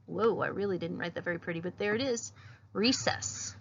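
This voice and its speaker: A woman's voice: on the low side, fairly quick, gravelly, dull audio, a little hiss or hum. A woman teacher giving a patient phonics lesson, sounding out each letter as she writes words.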